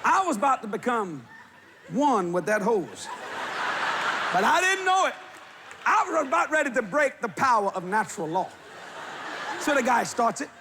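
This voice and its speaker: A man preaching, telling a funny story with laughter and bursts of shouting. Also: extremely high pitch, normal speed, long pauses. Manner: animated, laughing while telling, shouting at peaks. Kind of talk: humorous storytelling sermon. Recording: live audience with crowd noise.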